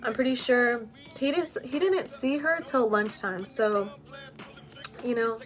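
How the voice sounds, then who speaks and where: Young woman, storytime vlog, rambling and casual, slightly high voice, faint music underneath. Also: lively intonation, measured pace. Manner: rambling, full of "like" and "you know".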